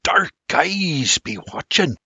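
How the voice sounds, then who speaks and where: A man voicing a gruff, wary frontiersman who grumbles and talks in a conspiratorial way. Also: on the high side, lively intonation, slow, sharp tone, no echo, voice pushed up, exaggerated voice. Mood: ominous. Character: gruff wary bearded Irish frontiersman, middle-aged man.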